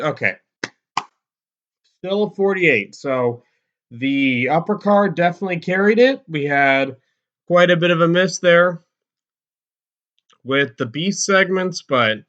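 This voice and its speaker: A man's voice: on the high side, fairly bright tone, lo-fi sound. A man casually commenting on a wrestling management game, rambling with many fillers and self-corrections. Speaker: let's-play commentator.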